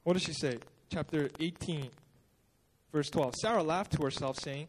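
Guy with a fairly high voice preaching at church, chatty, lots of "you know"s. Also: normal speed. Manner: informal storytelling, acts out quotes, many fillers. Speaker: pastor. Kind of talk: casual conversational sermon. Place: church service.

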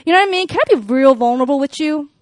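A chatty young woman with a high voice races through a dry, casual sermon at a church gathering, speaking to a live audience in a room with no echo. She's animated and fills her talk with "like" and "you know."

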